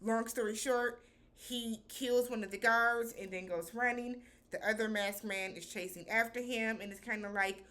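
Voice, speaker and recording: A woman's voice: medium pitch, fairly even intonation, moderate pace, fairly bright tone. A woman recapping a TV episode in a loose, chatty way, with slangy phrasing and lots of filler words. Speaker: TV show reviewer.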